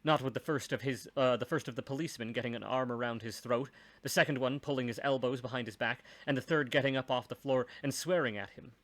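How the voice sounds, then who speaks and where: A man's voice: mid-range voice, steady tone, fast talker. A man reading a first-person story aloud, with dry, wry asides.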